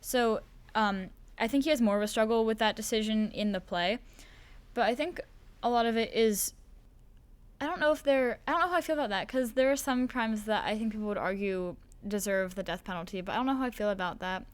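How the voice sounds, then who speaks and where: A woman's voice: a little high, a little fast, smooth, dry recording. A teenage girl answering interview questions in casual, thoughtful chat with some hesitant fillers. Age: teens. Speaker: student actor, interview guest. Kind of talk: casual chat on a school podcast.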